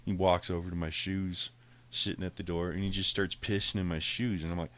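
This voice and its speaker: A man with a very low voice tells a loose, rambling story on a podcast. He swears freely and keeps the tone casual and conversational. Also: flat delivery, a little fast, fairly bright tone. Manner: profane, rambling, laughing. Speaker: podcast host.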